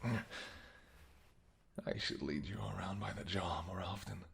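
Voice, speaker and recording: A man playing a smug, low-voiced seductive vampire. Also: slow, gravelly, full character voice. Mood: hungry. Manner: soft, teasing, seductive murmur. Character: flirtatious predatory male vampire, teasing and smug. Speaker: voice actor. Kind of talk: whispered role-play.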